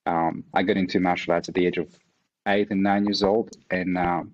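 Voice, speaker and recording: Man, very low voice, French accent, native French speaker, martial arts instructor, interview guest, hesitant, laughs a lot. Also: flat delivery, fairly quick, muffled recording. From Mauritius. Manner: laughs often, hesitant with many fillers. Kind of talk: casual interview conversation.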